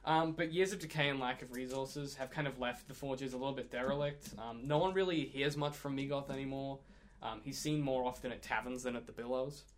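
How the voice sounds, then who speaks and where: A man's voice: mid-range voice, a little fast. A man running a tabletop game as game master, narrating with a loose, rambling delivery. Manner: rambling, many ums and restarts.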